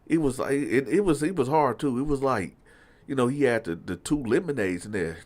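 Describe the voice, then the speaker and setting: Man, casual storytime monologue, animated, addresses the audience, swooping expressive pitch. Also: a little fast. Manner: animated, talks straight to the audience, lots of fillers. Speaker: storyteller host.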